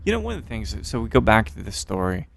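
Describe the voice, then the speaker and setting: A man's voice: fairly low pitch, huge pitch swings, fast talker, vocal fry, fairly bright tone, a little hiss or hum. A man hosting a podcast, asking questions in an upbeat, affirming way with frequent interjections. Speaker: podcast host.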